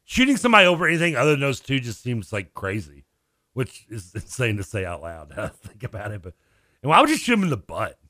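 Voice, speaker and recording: Male sports radio co-host, expressive rising and falling voice, dry booth, keeps asking "I mean". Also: medium pitch, no room sound. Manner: incredulous, rapid questions, frequent laughs and "I mean". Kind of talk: casual sports radio chat. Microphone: studio microphone.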